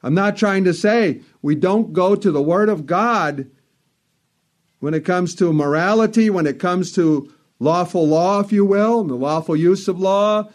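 A man preaching a sermon in an earnest, emphatic way, repeating phrases for stress. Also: sits high.

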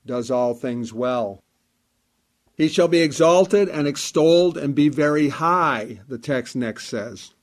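A man preaching a sermon in a measured, emphatic way, repeating key phrases for weight. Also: medium pitch.

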